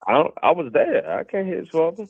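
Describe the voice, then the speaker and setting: A man's voice: high-pitched, wildly swooping pitch, fast, vocal fry, a loud crowd. A man calling in to a casual boxing debate, blunt and profane, often talking over the others. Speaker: caller on a boxing show. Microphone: phone call. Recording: dry tinny phone line.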